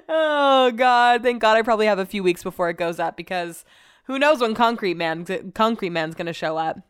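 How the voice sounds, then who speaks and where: A woman hosting a casual solo podcast, talking in an animated, chatty way and swearing freely. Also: fairly low pitch, a little fast, clean tone, dry recording, clean studio sound. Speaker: podcast host.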